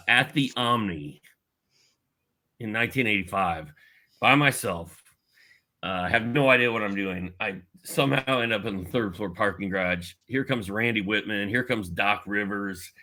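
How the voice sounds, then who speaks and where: A middle-aged Indiana native, guesting on a casual podcast, tells a personal story with animation and acts out the voices he quotes. His voice is lowish, pushed and bright.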